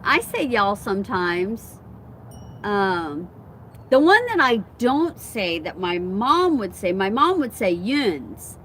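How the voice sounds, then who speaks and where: Outdoors at home, with wind and chimes around her, a woman runs a casual phone live stream, chatting with viewers, reading and answering their comments, and laughing often. Her medium-pitched, fairly bright voice swings widely in pitch as she takes her time, and there's a little hiss or hum on the recording.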